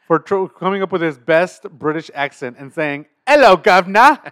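Teasing man with slightly high, dry voice. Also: moderate pace, clear, resonant tone, no echo. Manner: teasing, chatty, reads out film trivia. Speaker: podcast host. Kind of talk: casual chat.

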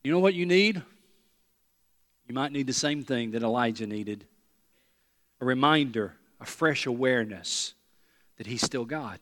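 A pastor preaching a sermon to a congregation, talking earnestly and repeating words for emphasis. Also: male voice, mid-range voice, lively intonation, measured pace, pauses often, a bit bright. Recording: long reverb of a large hall.

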